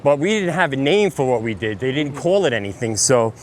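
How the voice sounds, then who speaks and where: A man in his fifties with a Brooklyn accent, a DJ telling rambling, animated stories in casual talk outdoors on a city street. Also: medium pitch, brisk, a little hiss or hum. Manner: rambling, animated storytelling with many fillers. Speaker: DJ guest. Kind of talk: casual interview on a walk.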